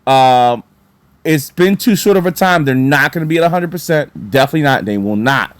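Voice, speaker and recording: A man chatting casually about basketball as a vlogger, animated and excitable, with lots of fillers and repeated words. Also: medium pitch, a little fast, dry recording. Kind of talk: casual sports talk.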